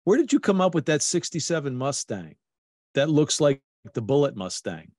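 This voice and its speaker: A man's voice: fairly high pitch, sing-song, normal speed, darkish tone, dry recording, studio quality. A male podcast host in a casual interview chat, laughing easily and restarting his sentences.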